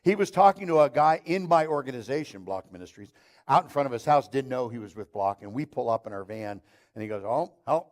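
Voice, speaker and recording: A middle-aged man delivers a sermon, spinning a story with wry humor and quick acted-out exchanges. His pitch sits in an everyday middle range. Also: expressive. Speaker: pastor. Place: church stage.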